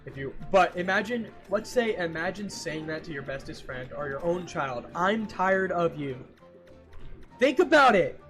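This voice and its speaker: A man streaming and chatting casually with viewers, ranting in an animated, exasperated way and repeating himself for emphasis. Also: on the high side, moderate pace, few pauses, faint music behind. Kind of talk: casual livestream chat with viewers.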